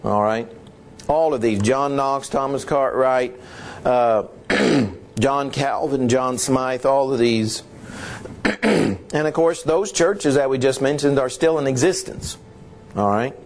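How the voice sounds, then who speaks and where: A middle-aged man teaching history informally, halting and often clearing his throat. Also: medium pitch.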